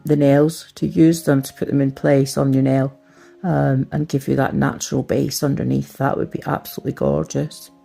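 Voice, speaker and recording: A woman's voice: deep voice, gravelly, warm tone, slightly rough. A middle-aged woman chatting through a casual nail product review, rambling and self-deprecating. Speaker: nail art vlogger.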